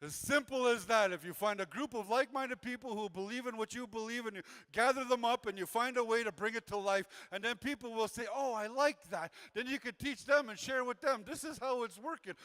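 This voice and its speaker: Addressing a community gathering, a Canadian man who works with youth gives an earnest motivational talk that repeats itself, voicing the people he quotes. His voice is very high and a bit bright, moving briskly with few pauses.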